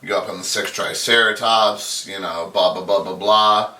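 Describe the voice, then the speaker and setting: A man's voice: lowish voice, fairly even intonation, normal speed, pushed and bright, recorded from a distance. A man giving a crude, sarcastic comedic recap of a movie, swearing constantly. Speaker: podcast host. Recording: echoey room, off mic.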